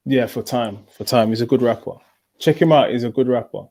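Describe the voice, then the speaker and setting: A man from North hosts a boxing watchalong in a loose, chatty way. His voice is mellow and dark, and he often says the same thing twice while reading out viewer messages. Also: medium pitch, brisk. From North London. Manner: repeats himself, laid-back. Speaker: watchalong host. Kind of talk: casual chat reading viewer comments.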